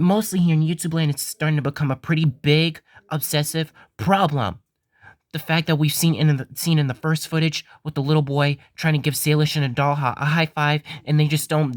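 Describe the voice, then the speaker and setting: A man's voice: fairly high pitch, dry recording, clean studio sound. A man hosting his own channel, talking in an earnest vlog style that is repetitive and full of stumbling restarts. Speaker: host of a fan-made theme park channel.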